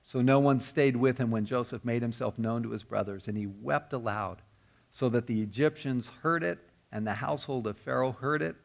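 A man's voice: medium pitch, steady tone, moderate pace, vocal fry. A man preaching a sermon, telling the story earnestly and often repeating or restarting his words. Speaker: pastor.

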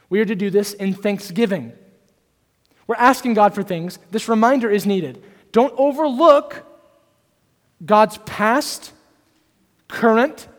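A young man preaching an earnest sermon to a congregation. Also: high voice. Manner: earnest preaching, varies pace and loudness. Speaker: pastor. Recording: hall reverb.

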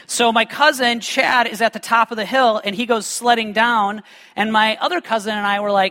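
A man preaches in a large hall, his voice high and bright, ringing with a long reverb. He weaves scripture with lively personal stories and tosses joking asides to the congregation. The delivery is animated and full of humor. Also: normal speed. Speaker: pastor. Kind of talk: sermon with personal storytelling.

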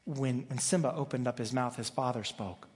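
A pastor preaches in a loose, chatty way, restarting his sentences and slipping in jokes. His mid-pitched voice carries a long reverb from the church sanctuary around him. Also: moderate pace, a little mellow. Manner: conversational and joking, with frequent restarts. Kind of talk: sermon.

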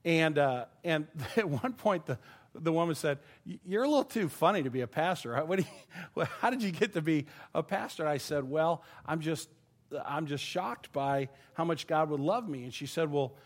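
A man with a slightly high voice delivers a sermon from the pulpit. He speaks with earnest feeling and laughs easily. When moved, his voice grows thin and quiet. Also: expressive, normal speed. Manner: earnest, emotional, given to laughing and choking up. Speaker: pastor.

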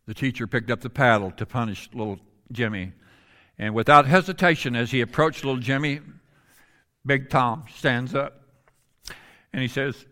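A man preaching a sermon, telling a story with dramatic swings between loud and hushed delivery. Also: mid-range voice, moderate pace, long pauses.

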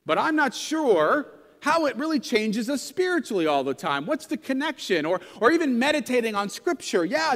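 A man's voice: very high-pitched, big-room sound. A pastor in his thirties preaching a sermon in a conversational, self-deprecating storytelling way.

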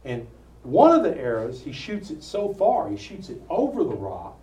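Lively preacher in a roomy hall. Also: male voice, on the high side, moderate pace. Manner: animated storytelling with asides and jokes. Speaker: preacher teaching a Bible study. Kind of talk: sermon. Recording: roomy sound from far off with faint ambience.

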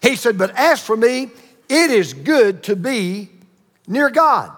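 A man preaching a sermon with emphatic repetition and dramatic pauses. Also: extremely high pitch, big pitch swings, a bit bright, big-room sound. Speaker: pastor.

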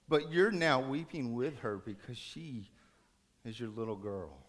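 A man preaching a sermon, telling a story dramatically, rising to urgent raised passages and dropping to hushed soft ones. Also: mid-range voice, lively intonation, a little slow.

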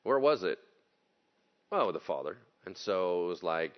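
Male pastor, conversational sermon, animated, joking, dull recording. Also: deep voice, unhurried. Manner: animated, joking, acts out quotes.

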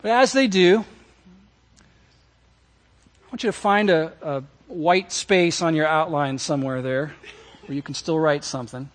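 High-voiced male pastor preaching earnestly. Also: a little slow, pauses often. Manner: earnest preaching with repeated phrases; addresses the congregation directly. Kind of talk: sermon. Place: church service.

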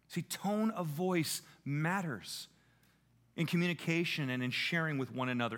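Animated, lively-pitched male preacher. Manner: animated, emphatic, shifting pace. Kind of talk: sermon.

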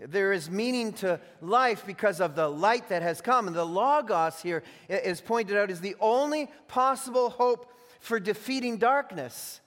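High-voiced pastor preaching in a reverberant hall. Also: male voice, fairly bright tone. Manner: emphatic preaching, slows and stretches key phrases, restarts with doubled words. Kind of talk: sermon. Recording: long reverb of a large hall.

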